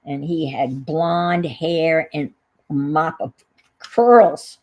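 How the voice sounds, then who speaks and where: A woman's voice: low voice, steady tone, takes it slowly, lo-fi sound. A middle-aged woman with a New England accent, chatting casually on a livestream, reminiscing and reading viewer comments aloud. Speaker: livestream host.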